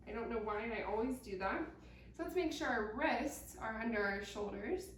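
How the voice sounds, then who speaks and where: A young woman leading a pilates workout, giving calm, encouraging step-by-step cues. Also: fairly high pitch, slight background noise. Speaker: pilates instructor. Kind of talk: guided workout instruction. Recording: echoey room, mic at a distance.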